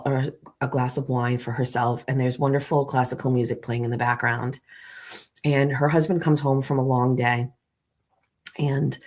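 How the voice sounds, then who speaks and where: Her voice is very deep and a little mellow. As a morning show host, she leads the live audience through an imagined scene, playful and theatrical in her comic storytelling.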